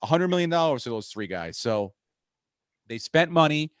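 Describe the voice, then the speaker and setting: A man hosting a podcast, talking sports in a profane, rambling, excitable way. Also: a little high, normal speed, smooth, no room sound. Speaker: podcast host. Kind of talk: casual sports chat.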